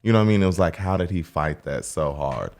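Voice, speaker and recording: A man, a hairstylist co-hosting a podcast, telling stories in a casual, animated way and laughing often. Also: a bass voice, quick pace, gravelly. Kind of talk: casual storytelling chat.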